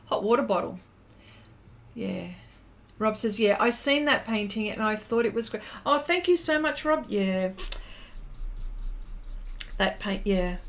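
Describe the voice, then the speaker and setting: A middle-aged Australian woman paints during a live art stream, chatting casually, reading out viewer comments, and using many fillers and restarts. Her mid-range voice is animated and measured, with frequent pauses.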